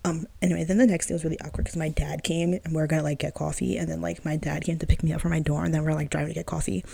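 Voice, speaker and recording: A woman's voice: deep voice, flat delivery, rapid-fire, gravelly, warm tone, slightly rough. A young woman hosting a podcast, telling a story in a chatty, slangy way full of fillers and laughing at herself. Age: young adult. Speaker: podcast host. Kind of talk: casual storytelling monologue.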